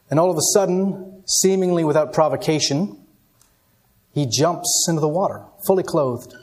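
A man preaching with a somewhat high voice. He tells his story dramatically, dropping to hushed lines and then rising again, in the steady address of an evening sermon. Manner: dramatic storytelling, shifting between hushed and raised passages. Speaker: pastor.

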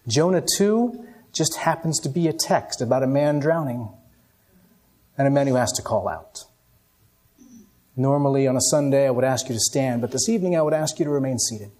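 A man giving an evening sermon, telling a story dramatically and moving between hushed and raised passages. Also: mid-range voice. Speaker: pastor.

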